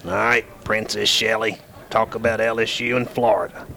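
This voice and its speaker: A man's voice: fairly low pitch, level tone, moderate pace, vocal fry, sharp tone. A man playing a blunt coach who hosts a comedy sports radio show. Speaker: coach character, show host.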